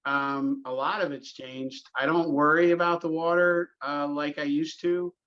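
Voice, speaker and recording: A man's voice: a little high, steady tone, measured pace, highs cut off. A middle-aged man, a golf course superintendent, telling long stories in a casual podcast interview, with lots of fillers and restarts. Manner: rambling storyteller, many fillers and restarts.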